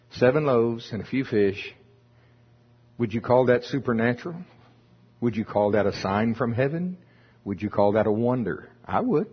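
A man's voice: on the low side, husky, muffled recording. A man preaching folksy Bible teaching, reading scripture aloud and explaining it with chuckling asides.

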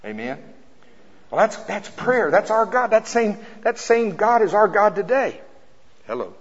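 A man's voice: high-pitched, sing-song, husky. Preacher man in an echoing hall. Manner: reads scripture slowly and loudly, then chats with jokes. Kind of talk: sermon. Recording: dull sound in a reverberant hall.

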